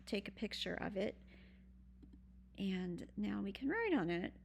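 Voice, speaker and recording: A woman's voice: medium pitch, big pitch swings, unhurried, creaky, slight background noise. A woman teaching a recorded online French lesson, patient and explaining step by step with frequent ums. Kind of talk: recorded virtual lesson walkthrough.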